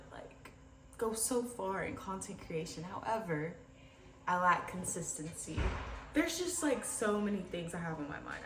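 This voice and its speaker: Young woman rambling into her camera across the room, kinda down, echoey room. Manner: candid, rambling, low-spirited. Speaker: vlogger. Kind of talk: casual diary vlog. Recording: roomy echo, distant from mic, faint ambient noise.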